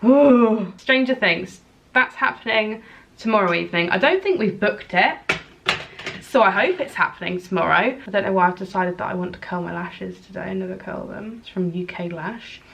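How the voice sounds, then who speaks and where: A woman in her late twenties from England chats casually in a vlog, rambling and poking fun at herself. Her mid-range voice has vocal fry and a slightly bright edge, moving at a normal speed over lo-fi audio.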